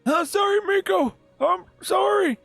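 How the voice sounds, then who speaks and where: A man voicing a young woman pleading for her lost pet, in a high put-on voice. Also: unhurried, creaky, a bit bright, no echo, faint music behind, exaggerated voice.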